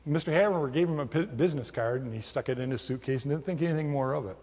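A man's voice: mid-range voice, quick pace, darkish tone, long reverb tail. A man preaching a sermon as pastor, telling a story and leading prayer with an earnest manner.

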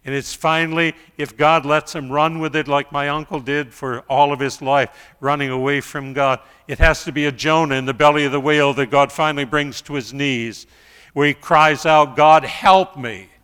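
A middle-aged male pastor preaching a sermon, telling stories quietly and then rising to loud pleas. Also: on the high side, fairly even intonation, fairly quick, few pauses, clean tone, big-room sound.

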